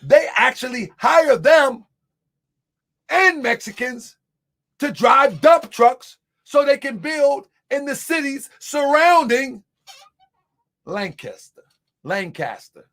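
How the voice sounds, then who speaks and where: A man's voice: extremely high pitch, lively intonation, slow pace, pauses often, fairly bright tone. A man hosting an online show, talking casually to viewers he calls family and laughing often. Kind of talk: casual livestream talk.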